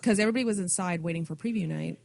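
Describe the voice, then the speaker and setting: A woman's voice: fairly low pitch, very fast, gravelly, a little mellow. A woman guest who works at a comic shop, talking bluntly and matter-of-factly. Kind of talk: casual chat.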